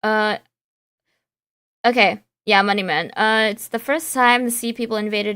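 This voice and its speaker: A woman's voice: mid-range voice, fairly even intonation, a little slow, pauses often, fairly bright tone, clean tone, no echo, clean studio sound. A young woman streaming a game, chatting playfully and reading the game's dialogue aloud with a light valley girl lilt.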